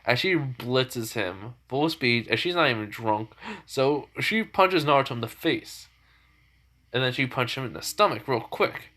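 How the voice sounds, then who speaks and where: A man tells a story off the cuff, rambling and often correcting himself. His voice sits at a middle pitch and he talks slowly. The delivery is plain and casual. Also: animated, bright, forceful tone. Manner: rambling, with many fillers and self-corrections. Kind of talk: casual improvised story narration.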